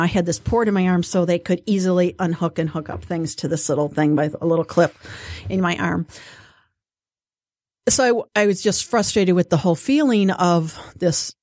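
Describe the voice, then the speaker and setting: A woman guest telling a personal story in casual conversation, animated, with many fillers and restarts. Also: lowish voice, no room sound, studio quality.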